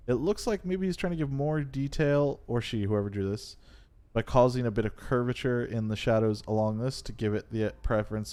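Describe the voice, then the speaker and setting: A young man giving casual gameplay commentary, relaxed and rambling with many fillers. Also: lowish voice. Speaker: let's play host.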